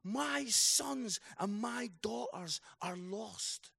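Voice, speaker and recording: A Scottish man voicing God as a grieving father, quietly begging for help to find his lost children. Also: high voice, lively intonation, extremely slow, creaky, slightly rough, exaggerated voice. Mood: pleading. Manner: hushed, pleading.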